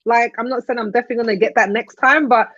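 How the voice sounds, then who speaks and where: A woman's voice: fairly high pitch, steady tone, rapid-fire, fairly bright tone. A young woman chatting on a podcast panel, telling stories and laughing often. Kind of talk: casual panel chat. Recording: dull lo-fi podcast audio.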